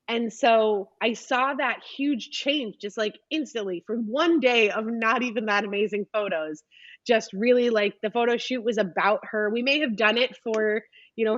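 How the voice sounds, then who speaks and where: A woman in her thirties telling a story in a casual, animated podcast interview with lots of ums. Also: mid-range voice, no echo, lo-fi sound. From United States. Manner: chatty, animated retelling with frequent ums. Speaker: podcast guest, photographer.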